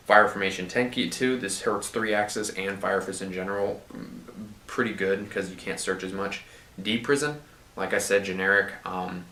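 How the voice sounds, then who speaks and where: Male channel host, sore throat, monotone casual commentary; low, forceful tone, roomy echoing recording. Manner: monotone delivery. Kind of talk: casual card-game commentary. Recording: roomy, echoey room.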